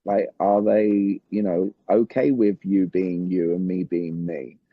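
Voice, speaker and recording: A man's voice: low voice, fairly even intonation, takes it slowly, slightly rough, dry recording, phone-quality sound. A man with a British accent teaching a conversation method in an interview, laying out his points in steps and checking in with "all right". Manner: structured, explains in numbered steps, often says "all right". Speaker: summit guest speaker.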